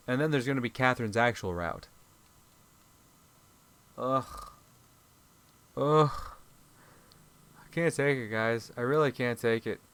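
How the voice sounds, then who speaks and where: A man's voice: medium pitch, a bit bright, smooth. A man hosting a gaming video, reading visual-novel lines aloud and breaking into exasperated, profane comic rants.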